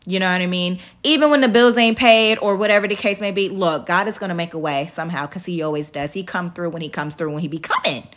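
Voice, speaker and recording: A woman's voice: on the low side, fast, few pauses, fairly bright tone. A woman in her thirties hosting a podcast, talking casually and motivationally, chatty, laughing often and calling her listeners y'all. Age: 30s. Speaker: podcast host.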